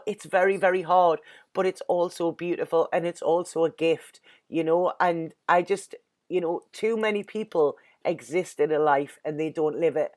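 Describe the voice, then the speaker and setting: A woman with an English accent giving an earnest, emotional tarot reading in casual speech, constantly saying "you know" and sounding close to tears. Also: fairly low pitch. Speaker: tarot reader.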